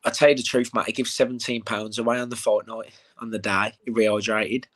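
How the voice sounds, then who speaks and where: Chatty fighter, says mate a lot. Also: male voice, lowish voice, brisk. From England. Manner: animated storytelling, swears, says "mate" a lot. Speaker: bare-knuckle fighter, interview guest. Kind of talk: casual interview chat.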